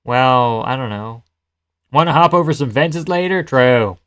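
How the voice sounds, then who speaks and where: A man's voice: medium pitch, lively intonation, unhurried, fairly bright tone, smooth. A man hosting a live stream who casually comments on fights and reads chat in a loose, joking, profane way and laughs often.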